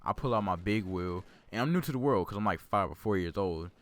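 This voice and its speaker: A man's voice: low-pitched, lively intonation, a little fast, slight background noise. A man telling a childhood story in casual gameplay commentary, rambling and repeating himself. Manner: rambling, repeats words, self-corrects. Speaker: gaming channel host.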